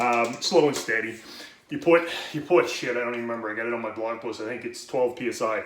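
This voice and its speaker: Hosting a home brewing video, this man talks himself out of breath in a rambling, profane, self-interrupting how-to demo. His mid-range voice holds a steady tone at a slightly fast pace, recorded in an echoey room with faint background noise.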